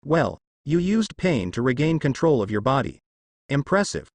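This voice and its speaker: Brief: man putting on a sly female ninja, silky and mocking, animated delivery. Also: medium pitch, moderate pace, no room sound.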